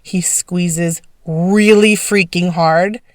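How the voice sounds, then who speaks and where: A woman's voice: lowish voice, no room sound, studio quality. A woman telling a personal story in a casual, emphatic way, speaking as an interview guest. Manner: emphatic, animated, fast-talking.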